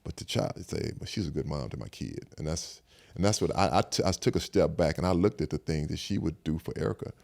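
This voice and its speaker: Gravelly deep-voiced older man, fast. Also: lively intonation, a little mellow. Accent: Southern American. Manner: reflective, repeats "I said" while retelling conversations. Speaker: podcast guest. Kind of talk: casual storytelling chat.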